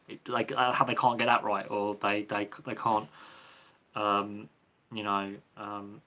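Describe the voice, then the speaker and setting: A man's voice: fairly low pitch, level tone, measured pace, bright, forceful tone, lo-fi sound. A man hosting a livestream Q&A, answering viewer questions off the cuff in a rambling, hesitant way with many ums and restarts. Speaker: livestream Q&A host.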